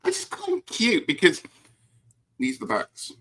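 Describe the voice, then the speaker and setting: Playful man with a lively voice. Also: a little high, moderate pace. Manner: playful, giggly, flicking through cards. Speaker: co-host. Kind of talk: casual livestream chat.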